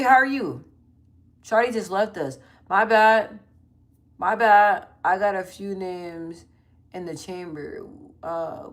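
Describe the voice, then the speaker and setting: A woman in her thirties talks casually into her phone on a livestream, loose and slangy, tossing quick asides to her viewers. Her voice sits a little on the low side. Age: 30s. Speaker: livestream host. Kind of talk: casual livestream chat reading comments.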